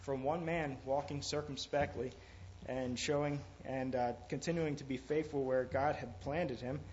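A man preaching an informal sermon, halting often with fillers and restarts. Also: mid-range voice, steady tone, darkish tone. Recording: dull lo-fi recording with faint noise.

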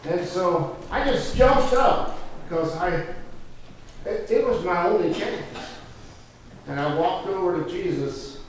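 A man playing a poor old blind beggar, telling his story in the first person with halting repeats and sudden cries. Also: high voice, pitched above the performer's own voice. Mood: earnest. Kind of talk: first-person dramatic monologue. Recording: echoey hall, distant mic, noisy.

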